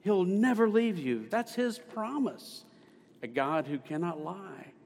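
A man's voice: sits high, very animated, slow, creaky, a little mellow. A male pastor preaching a sermon with emphatic, swelling stresses, recorded in a church sanctuary. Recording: long hall reverb.

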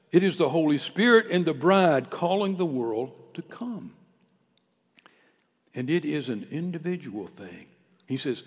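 A male pastor preaching a sermon, swinging from quiet, close talk to loud shouted calls. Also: fairly high pitch, lively intonation, normal speed. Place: church sanctuary. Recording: church hall with long reverb.

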